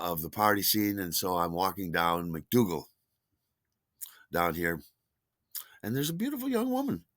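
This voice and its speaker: A man telling a story in a casual, animated way, delighted with his own tale and acting out quoted lines with big jumps in voice. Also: a little high, dry recording.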